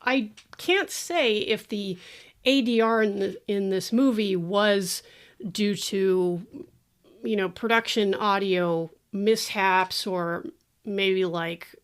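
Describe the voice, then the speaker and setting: A woman hosts a casual movie podcast, her voice at an ordinary middle pitch. She talks in an animated, chatty way, full of fillers and quick laughs. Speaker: podcast host. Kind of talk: casual movie-review chat.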